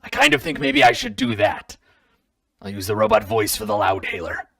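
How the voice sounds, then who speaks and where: Man voicing a high, crackling mechanical zealot, solemn and intoning. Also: huge pitch swings, normal speed, vocal fry, fairly bright tone, no echo, clean studio sound, heavily acted. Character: male zealot with gravelly robotic vocal implant.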